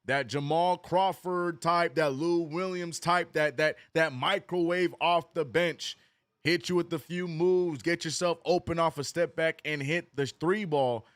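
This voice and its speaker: A man streaming a live watch-along, doing casual play-by-play and answering chat, jumping up in pitch on big plays and slang-heavy in between. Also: measured pace, no echo. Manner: excitable, rises sharply on big plays, drops low reading chat; casual slangy talk, says bro and man.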